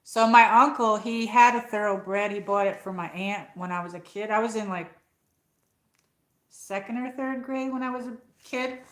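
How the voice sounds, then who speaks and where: A woman's voice: medium pitch, moderate pace, a bit bright, reverberant. A woman with an upstate New York accent hosting a rambling, casual live chat and reading out viewer comments. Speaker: livestream host.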